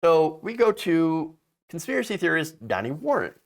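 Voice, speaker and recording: A man's voice: a little high, sing-song, moderate pace, vocal fry. A man hosting casual political commentary, sarcastic and mocking, often restarting and stammering mid-sentence.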